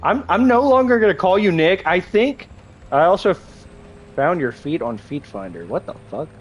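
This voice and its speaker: A young man with a somewhat high-pitched voice chats on a gaming livestream. He rambles, jokes crudely, and talks straight to his viewers, often restarting his sentences. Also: sing-song, moderate pace, dull audio, slight background noise. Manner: crude, joking, chats with viewers while playing; rambling with frequent restarts and laughter. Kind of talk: casual gaming livestream chat.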